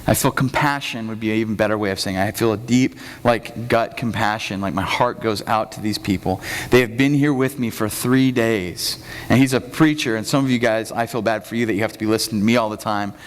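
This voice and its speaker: A man's voice: on the low side, brisk. A man preaching a conversational sermon as the pastor of a church, telling the story casually and acting out the quotes. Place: church sanctuary. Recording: reverberant church hall.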